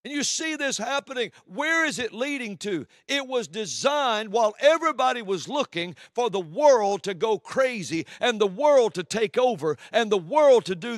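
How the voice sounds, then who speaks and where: A man preaching a sermon from the pulpit, swinging between loud declarations and hushed, low passages. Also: no echo, studio quality.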